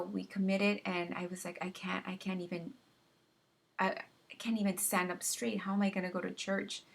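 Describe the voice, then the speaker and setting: Bright-voiced woman telling her story. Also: mid-range voice. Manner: earnest, halting, with many restarts and repeated words. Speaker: vlogger sharing personal story. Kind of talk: personal testimony, casual storytelling.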